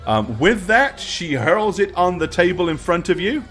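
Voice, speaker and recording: A man narrating as dungeon master in a tabletop game, describing scenes in detail with many pauses and ums. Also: high voice, sing-song, fairly bright tone, faint music behind.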